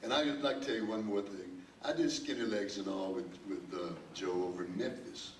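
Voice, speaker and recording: Speaking briskly in a fairly low voice, this older male panel guest, a record producer, spins a lengthy story, restarting often and chuckling like a born storyteller. The recording comes from a distant mic in an echoey hall, carrying faint ambience and slight background noise.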